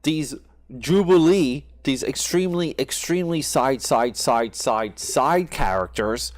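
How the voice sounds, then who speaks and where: A man's voice: mid-range voice, measured pace, no room sound. A man co-hosting a casual podcast, rambling with many restarts and frequent laughs. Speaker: podcast co-host. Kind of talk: casual podcast chat about comics.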